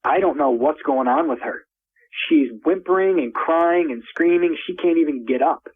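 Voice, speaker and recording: A man's voice: on the high side, sing-song, normal speed, slightly rough. A man telling his own encounter story as a phone caller, rambling and repeating words, his voice rising when he gets worked up. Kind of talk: first-person story told over the phone. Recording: tinny phone line.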